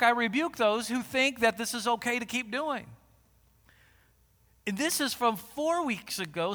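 A high, bright-voiced man in his forties delivers a lively sermon, dropping to near-conversational asides and then surging into loud, emphatic repetitions. His voice rings out with a long reverb, as in a large church hall. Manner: animated, swings from quiet asides to loud emphatic bursts. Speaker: pastor.

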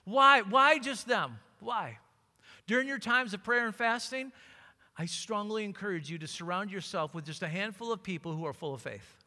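A man's voice: high voice, animated, normal speed, bright, forceful tone, in a large hall. A man preaching a sermon as pastor, building fervor and acting out scripture scenes.

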